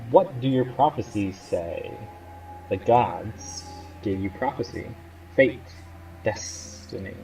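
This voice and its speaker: Brief: a man doing a determined young woman warrior in a game, earnest questions, mellow voice. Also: on the low side, animated, slow, far from the mic, faint music behind, rough recording. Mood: questioning. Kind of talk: reading game dialogue aloud.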